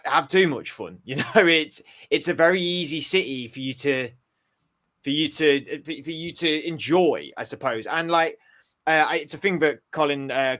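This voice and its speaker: A man's voice: a little high, fairly bright tone. A man co-hosting a sports podcast, chatting casually and thinking aloud with many restarts. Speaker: podcast co-host. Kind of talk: casual chat.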